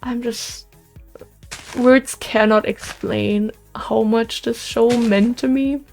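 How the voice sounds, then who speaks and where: A woman's voice: fairly high pitch, slow, faint music behind. A young woman hosting a gameplay video, chatting in a rambling, emotional way and sounding worn out after a concert. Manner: rambling, excitable, emotional, with restarts and sighs. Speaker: let's play host. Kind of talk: casual chat while gaming.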